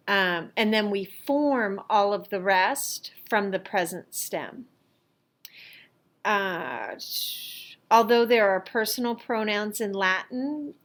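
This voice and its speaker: Slow, careful woman teaching a lesson. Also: medium pitch, fairly bright tone. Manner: slow, careful explanation with fillers. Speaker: Latin teacher. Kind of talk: worksheet review lesson.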